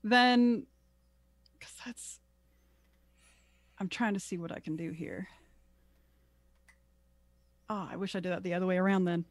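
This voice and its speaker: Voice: medium pitch, a little slow, pauses often, no echo. A player in a casual tabletop game, talking hesitantly with many fillers and small laughs. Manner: hesitant, filler-heavy, giggly.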